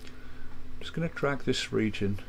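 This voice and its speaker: A man calmly walking through a music software tutorial, explaining step by step with quick asides. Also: medium pitch, gravelly, a little hiss or hum. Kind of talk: screen-recorded software tutorial.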